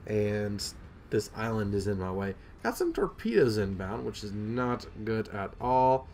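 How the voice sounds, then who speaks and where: A man's voice: fairly low pitch, darkish tone, slight background noise. A young man giving casual, self-deprecating commentary over his own gameplay, with lots of ums and rambling asides.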